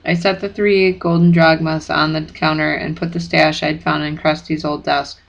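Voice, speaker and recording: A narrator reading a first-person chapter book aloud in steady, plain audiobook narration. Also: mid-range voice, moderate pace, gravelly, rough recording.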